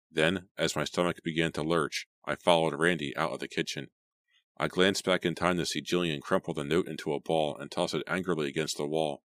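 A man with an extremely deep voice narrates a teen horror novel in a steady, measured read. The sound is dry and close, with no room around it. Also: no echo. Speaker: audiobook reader.

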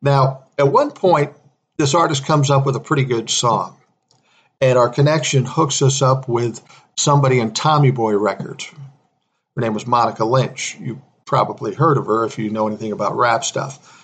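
Laughing frequently, a middle-aged man who manages musicians tells a casual, profanity-laced story and performs other people's lines. He speaks at a normal speed in a husky, medium-pitched voice.

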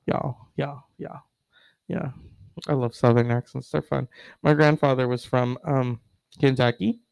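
A man's voice: mid-range voice, steady tone, normal speed, vocal fry, a little mellow, clean tone, no echo, low-quality recording. A man hosting a casual online show, rambling with many fillers and wry asides.

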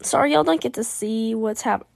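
High-voiced chatty woman gaming commentary. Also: vocal fry, dry recording, clean studio sound. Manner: chatty and animated, quick reactions, giggly. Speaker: gaming video creator. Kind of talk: casual game commentary, reading choices aloud.

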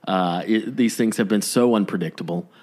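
Low-voiced man musing with many fillers. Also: moderate pace, darkish tone. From United States. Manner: rambling, hesitant, many fillers and restarts. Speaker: podcast co-host. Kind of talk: casual conversation.

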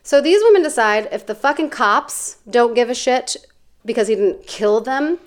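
A woman's voice: fairly high pitch, moderate pace. A woman co-hosting a podcast, casually recapping a documentary series and acting out the people in it. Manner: animated storyteller, acting out quotes, swears freely. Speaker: podcast co-host.

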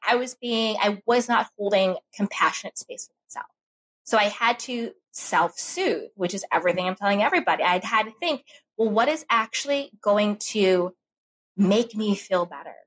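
A woman with a mid-range, slightly rough voice tells personal stories in a casual podcast conversation. She narrates with animation, acting out her inner voice.

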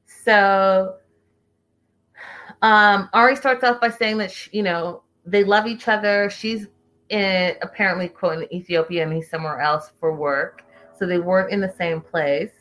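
A woman's voice: mid-range voice, fairly even intonation, a little slow, fairly bright tone. A woman casually recapping a reality show, chatty and opinionated, reading viewer comments aloud.

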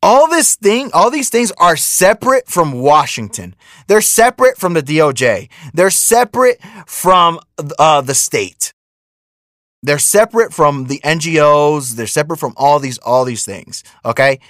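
A man's voice: a little high, very animated, measured pace, a bit bright, no echo, clean studio sound. A man hosting a podcast, ranting through casual political commentary, repeating himself and mocking his critics. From United States. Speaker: podcast host.

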